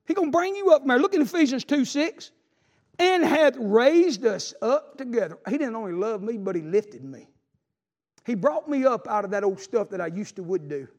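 A preacher with a strikingly high voice delivers an impassioned sermon, his pitch leaping up and down as he builds to fervent calls. His words ring out in the long reverb of a church hall. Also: animated, moderate pace, darkish tone. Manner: impassioned, rising to fervent exclamations. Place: church sanctuary.

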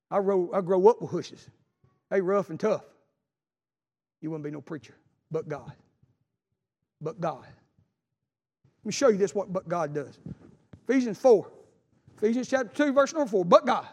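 A man preaching an impassioned sermon to a congregation, swinging between soft asides and fervent, rising exclamations. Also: sits high, big-room sound. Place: church sanctuary.

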